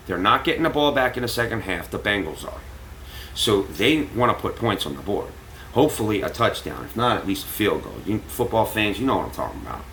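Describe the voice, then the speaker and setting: A man's voice: fairly low pitch, fairly quick, a little hiss or hum, poor audio. A man telling a story casually to his viewers, cursing freely and acting out what people said. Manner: animated, profane, acts out quotes. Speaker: vlogger.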